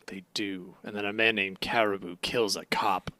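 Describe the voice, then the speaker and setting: A man co-hosting a podcast, casually recapping anime with dry, deadpan jokey interjections, on a close mic. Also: on the low side, moderate pace, dry recording. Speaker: podcast co-host.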